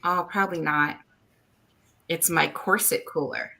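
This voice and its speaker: A woman's voice: on the low side, steady tone, a little slow, gravelly, bright, forceful tone. A woman in casual chat as a podcast guest, talking loosely with many fillers. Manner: chatty, filler-heavy with many um and like.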